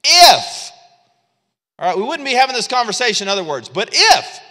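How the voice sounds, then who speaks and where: A man preaching a sermon as pastor, animated and acting out quotes with frequent chuckles. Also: extremely high pitch, quick pace. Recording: long hall reverb.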